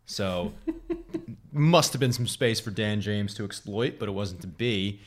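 Low-voiced man, laughing and chatty. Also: lively intonation, a little slow. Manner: joking, storytelling, laughs often. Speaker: podcast co-host. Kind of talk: casual sports chat.

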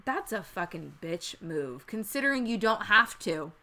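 A woman's voice: medium pitch, sing-song, measured pace, pushed and bright. A woman co-hosting a casual chat, rambling and profane, often restarting her sentences.

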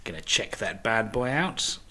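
A man's voice: fairly low pitch, very animated, measured pace, bright, forceful tone. A man co-hosting a casual film podcast, dry and sardonic, swearing and riffing on wordplay. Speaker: podcast co-host. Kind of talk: casual film-discussion chat.

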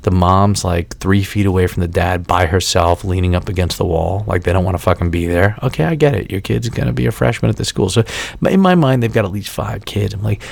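A man's voice: sits low, brisk, creaky, no room sound. A man in his forties, a podcast host, telling a story in a casual, profane and exasperated way.

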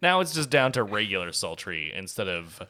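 A man's voice: lowish voice, very animated, moderate pace, pushed and bright. A man co-hosting a casual podcast, joking around and laughing often. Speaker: podcast co-host. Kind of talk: casual chat.

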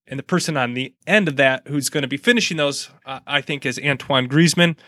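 Guy casually talking soccer picks, laid-back and jokey, mid pitch, dry close sound. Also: a little fast, pushed and bright, no room sound. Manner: easygoing, joking, analytical. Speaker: sports podcast host. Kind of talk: casual soccer preview chat.

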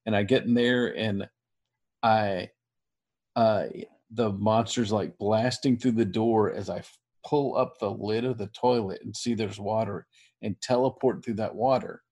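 A man telling a long story in casual chat, rambling and animated, laughing now and then. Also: lowish voice.

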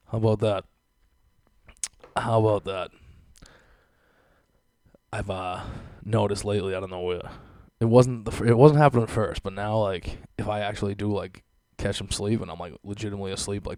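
Sitting on the low side, his voice is a little mellow, clear and resonant, with no room sound. He's a young man hosting a podcast, going off on a sarcastic, casual rant full of swearing and laughter at his own jokes.

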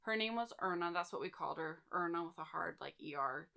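A woman's voice: fairly low pitch, animated, fairly quick, creaky, sharp tone. A woman in her thirties chatting casually with friends, telling personal stories full of fillers and "like". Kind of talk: casual storytelling chat.

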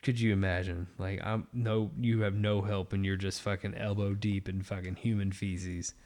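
A man in his thirties, a podcast co-host, telling a story in casual chat, animated and swearing a lot. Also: on the low side, moderate pace.

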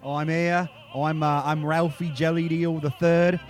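A man's voice: a little high, flat delivery, measured pace, soft background music, close to an everyday voice. A man voicing a crude, boastful British pub bloke in a put-on British accent, stumbling and repeating words. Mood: blustering. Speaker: podcast co-host.

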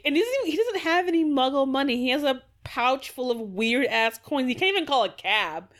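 A woman's voice: sits high, expressive, brisk. A woman co-hosting a podcast in casual discussion, rambling with restarts, sighs and swearing. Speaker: podcast co-host.

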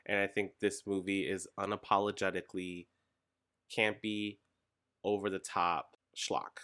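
A man's voice: low-pitched, level tone, measured pace, sharp tone, clean tone. A man co-hosting a podcast in casual chat, laid-back but arguing his point and swearing at times. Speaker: podcast co-host.

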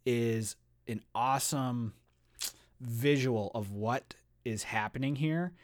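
A man's voice: medium pitch, slow. A man co-hosting a book podcast, reading chapters aloud and then gushing about them with lots of swearing and "dude". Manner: excitable, swears, says dude a lot. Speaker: podcast co-host. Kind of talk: reading a novel aloud and discussing it.

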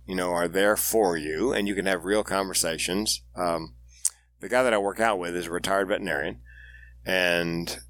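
A man's voice: low voice, fairly bright tone, dry recording. A man speaking as a guest on an interview podcast, telling candid stories with dry humor. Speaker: guest, suicide prevention speaker.

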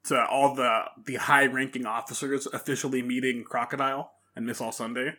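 Chill guy on an anime podcast, bright clear voice, laughs a lot. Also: mid-range voice, a little fast. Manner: relaxed, easygoing, laughs often. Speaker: podcast co-host. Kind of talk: casual anime discussion.

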